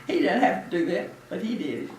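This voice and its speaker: Very animated and talking fast, a woman in her eighties speaks in a medium pitch as she recounts her days as a Navy nurse during an interview. She's a warm, chatty storyteller who laughs a lot. The audio has a little hiss or hum, with room echo and a distant mic.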